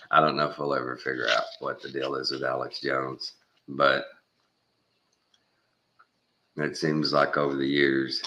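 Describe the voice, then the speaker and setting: A man's voice: a bass voice, pushed and bright. A man from Texas giving a rambling, sarcastic commentary from home, scornful of the people he talks about. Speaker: channel host. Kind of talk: casual commentary vlog.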